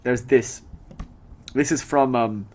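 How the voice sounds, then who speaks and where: A young man teaching a spiritual tradition in a relaxed, conversational lecture, reciting terms from a classical language as he explains them. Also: mid-range voice, slow.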